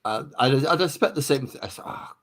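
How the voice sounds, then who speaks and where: A man's voice: mid-range voice, lively intonation, brisk. A British man chatting casually, bantering in a dry, understated way. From United Kingdom. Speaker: guest in chat. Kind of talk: casual chat.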